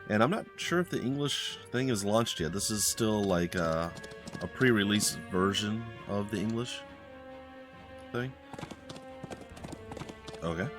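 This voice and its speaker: Rambling low-voiced man commenting on gameplay. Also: expressive, measured pace, long pauses, over music. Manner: rambling, hesitant, with many fillers and restarts. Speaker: let's play host.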